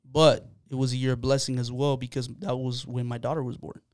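As a podcast guest, a man with a smooth, clear, darkish voice of medium pitch and little pitch movement tells a personal story fairly quickly, earnest and loose with plenty of fillers, in casual chat. The audio is dry and close, with almost no room echo.

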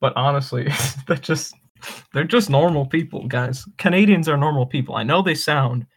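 A man's voice: fairly high pitch, moderate pace, breathy edge. A young man co-hosting a casual podcast chat, often laughing and joking. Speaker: podcast co-host.

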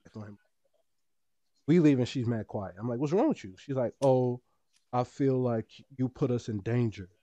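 A man's voice: mid-range voice, moderate pace, warm tone, no echo, muffled recording. A young man co-hosting a podcast, telling stories in casual chat and acting out the people he quotes. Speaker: podcast co-host.

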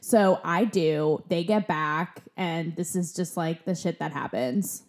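A young woman co-hosting a podcast in casual chat, dramatic and teasing in quick bursts. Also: fairly low pitch, darkish tone. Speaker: podcast co-host.

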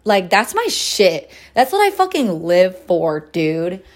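A woman's voice: lowish voice, takes it slowly. Profane, chatty woman in her late twenties. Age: late 20s. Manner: loose, profane and chatty, with frequent fillers; relaxed, sipping tea and smoking between thoughts. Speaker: podcast host. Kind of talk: casual solo chat.

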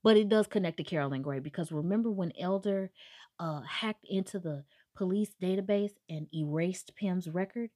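Chatty husky-voiced woman recapping a book. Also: on the low side, moderate pace, dry recording, clean studio sound. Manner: animated, chatty, voices the characters' lines in quotes. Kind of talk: casual storytelling recap.

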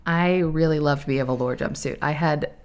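A woman in her thirties hosting a podcast, chatting candidly and laughing often, with a profane, animated way of telling stories. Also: sits low, normal speed. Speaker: podcast host. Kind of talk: casual podcast chat.

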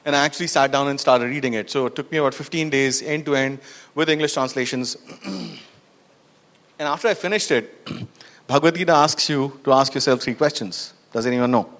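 A man with a mid-range, fairly bright voice speaks a little fast while telling stories at a conference. He addresses questions to the audience, peppering his talk with "you know" and "right," recorded with long hall reverb.

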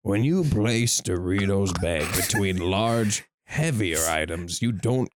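A man's voice: expressive, dry recording. A man putting on the voice of a sleepy, decrepit old man reading a review aloud. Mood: drowsy. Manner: slow, low and drowsy.

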